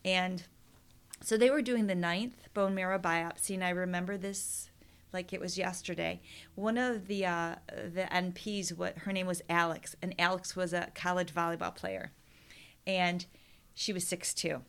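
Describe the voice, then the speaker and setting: A woman's voice: on the low side, fairly even intonation, a little slow, fairly bright tone, smooth. A middle-aged woman, a podcast guest, earnestly retelling a personal story with emotion and quoted prayers.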